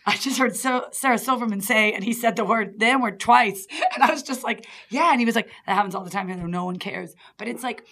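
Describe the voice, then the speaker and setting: A woman's voice: a little high, fairly quick, hardly any pauses. A woman on a radio talk show, chatting casually and acting out quoted voices as she tells stories. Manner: animated storyteller, acts out quotes. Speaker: stand-up comic guest. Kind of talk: casual chat. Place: radio studio.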